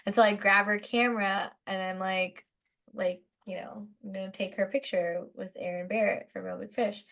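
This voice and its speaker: A woman from Southern California, a guest musician telling stories on a casual podcast, animated and full of fillers. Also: mid-range voice, normal speed, creaky. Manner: chatty, animated, lots of "like", laughs while telling stories.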